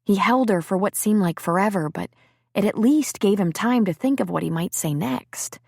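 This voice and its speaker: A woman narrating an audiobook in an expressive, storytelling manner. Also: medium pitch, normal speed, vocal fry, breathy edge, no echo, clean studio sound.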